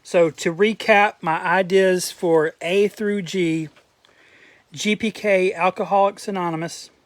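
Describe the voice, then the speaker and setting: A man's voice: high-pitched, fairly even intonation, unhurried, no echo. A man in a casual show-and-tell vlog, rambling through his collection with crude jokes and asides, his throat a little dry. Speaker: collector vlogger.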